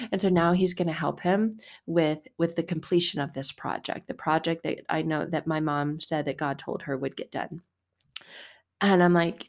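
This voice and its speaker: A woman in her thirties talking about faith in a casual, rambling way, getting animated and sometimes singing short lines. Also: low voice, moderate pace. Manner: animated, rambling, breaks into song. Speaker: vlogger.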